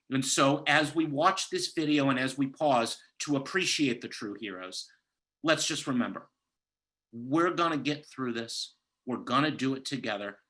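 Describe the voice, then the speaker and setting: A man's voice: mid-range voice, fairly bright tone, low-quality recording. A man giving an impassioned political speech over a video call, rallying his audience with a repeated, building cadence. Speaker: candidate speaking at a party gala.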